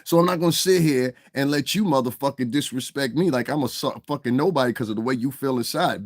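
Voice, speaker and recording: A man's voice: mid-range voice, brisk, few pauses, no room sound, clean studio sound. Angry, profane middle-aged man ranting. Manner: heated, profane, emphatic, repeats "you understand what I'm saying". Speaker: commentary vlogger.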